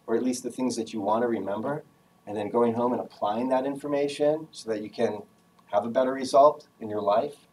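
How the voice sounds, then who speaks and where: A man giving a lively, casual talk to a class on job skills, joking and acting out phone voices. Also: mid-range voice, far from the mic, rough recording. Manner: energetic, casual, jokey, acts out phone voices. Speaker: guest speaker giving a career talk.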